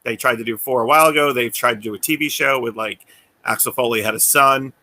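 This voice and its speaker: A man's voice: medium pitch, fast, pushed and bright, no room sound. A man co-hosting a casual chat over a video call, telling easygoing stories and laughing along. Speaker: co-host.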